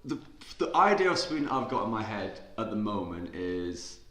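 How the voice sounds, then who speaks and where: A young man talks in a blunt, sardonic, offhand way during casual podcast chat. His tone is bright and clear, and the room around him is noticeably echoey. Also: lowish voice, big pitch swings, normal speed. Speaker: podcast co-host.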